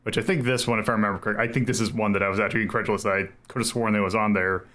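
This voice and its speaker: A man's voice: lowish voice, steady tone, racing, fairly bright tone. A man hosting a retro game stream, talking casually and rambling, correcting himself and chuckling as he goes. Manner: rambling, self-correcting, chuckles between thoughts. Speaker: streamer host ranking retro games.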